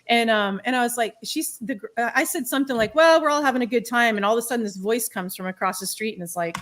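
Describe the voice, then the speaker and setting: A middle-aged woman telling her own life story on a podcast panel, candid and animated, laughing through the hard parts. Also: a little high, fast talker. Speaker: podcast guest. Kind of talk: personal storytelling in a round table talk.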